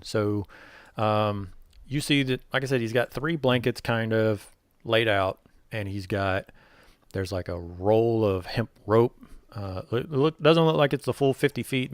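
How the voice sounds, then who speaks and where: Low-ish guy gm-ing d&d, chill and rambly, dry sound. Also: gravelly, dry recording. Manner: casual, loose narration with fillers. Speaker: game master. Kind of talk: narrating a tabletop game. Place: home setup, online call.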